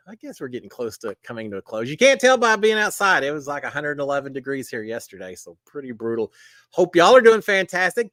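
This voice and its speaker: A man's voice: fairly high pitch, bright, forceful tone, no room sound. Folksy man hosting a livestream. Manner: folksy, greets viewers by name. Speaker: live show host. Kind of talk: casual livestream chat.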